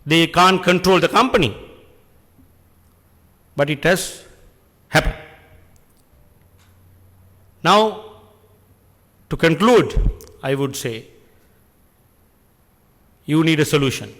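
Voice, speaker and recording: A middle-aged man, giving an earnest, deliberate speech at an industry function and posing rhetorical questions. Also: a little high, lively intonation, fairly bright tone, long reverb tail. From Sri Lanka. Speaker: public speaker addressing an industry function. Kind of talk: speech at an event. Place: function hall.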